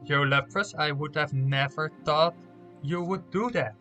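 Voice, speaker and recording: A man's voice: a little high, a little slow, bright, forceful tone, soft background music. A young man streaming live, reading out game results and talking playfully to his viewers. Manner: playful, talks straight to viewers.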